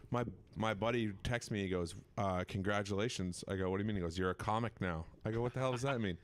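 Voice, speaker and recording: A man's voice: fairly low pitch, fast talker. A comedian telling a story on a podcast, laughing and swearing as he goes. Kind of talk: casual podcast chat.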